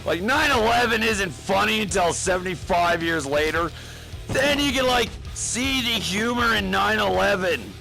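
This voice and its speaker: A man's voice: high-pitched, lively intonation, unhurried, gravelly, sharp tone, soft background music, rough recording. A man doing a rambling, profane comedic rant full of fillers, as a gaming vlogger.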